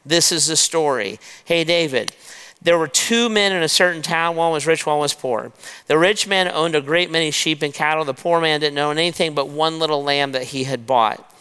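A man preaching a sermon, retelling a scripture story in a lively way and talking straight to his listeners as "guys". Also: on the high side, normal speed, smooth. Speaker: pastor. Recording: long reverb of a large hall.

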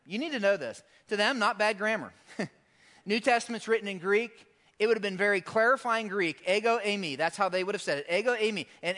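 A man's voice: high-pitched, sharp tone. A male pastor preaching a sermon in a conversational, emphatic way.

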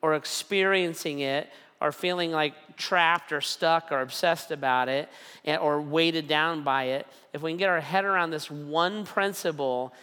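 A middle-aged man preaching a sermon in a conversational way, often checking in with "right?" and "okay?" and slowly repeating his key lines. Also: on the high side, sharp tone, clear, resonant tone, long reverb tail. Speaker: pastor.

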